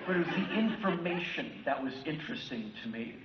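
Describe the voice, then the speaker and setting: A man in his fifties from the United States giving a keynote talk, telling personal stories in an animated way and acting out other people's voices. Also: high voice, a little fast, few pauses, a little hiss or hum. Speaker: keynote speaker. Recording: echoey hall from far off, dull lo-fi sound with faint ambience.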